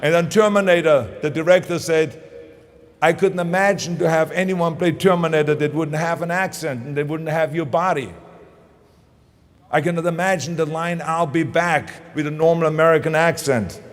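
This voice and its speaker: A man's voice: a little high, steady tone, moderate pace. An older man with a German accent giving a motivational speech, stressing key phrases and repeating them for emphasis. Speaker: public speaker.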